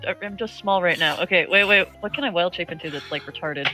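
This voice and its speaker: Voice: medium pitch, fast talker, sharp tone, soft background music, rough recording. A player in a tabletop game talking casually, hesitant and swearing freely.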